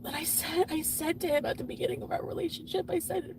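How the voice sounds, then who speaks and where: High-voiced woman ranting angrily. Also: fairly even intonation, fast, few pauses, a little hiss or hum, rough recording. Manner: angry, profane, breaking down, swinging from yelling to hushed. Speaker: streamer venting about a breakup. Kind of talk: emotional live-stream rant.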